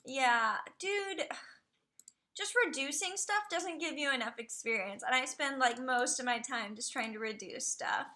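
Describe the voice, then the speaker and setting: Gushing woman streamer with a high voice; casual chat, soft asides. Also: unhurried. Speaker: live streamer.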